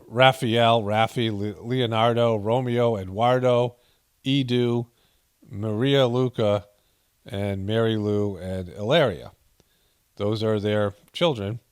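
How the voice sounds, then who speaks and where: A man's voice: on the low side, dry recording, studio quality. A man hosting a casual news commentary, reading headlines and riffing on them sarcastically with many "you know" and "right?" asides. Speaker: commentary host.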